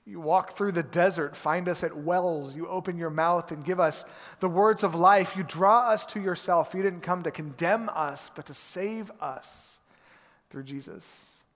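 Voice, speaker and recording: A man preaching as a pastor, opening with prayer and then telling a story with animated, acted-out quotes in a church. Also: high voice, measured pace, in a large hall. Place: church sanctuary.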